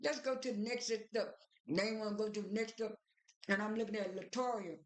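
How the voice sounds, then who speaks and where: A woman's voice: medium pitch, fairly even intonation, a little fast. A woman casually recapping TV episodes in a rambling way, full of fillers and restarts as she retells what was said. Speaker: reality TV recap vlogger. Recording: roomy echo.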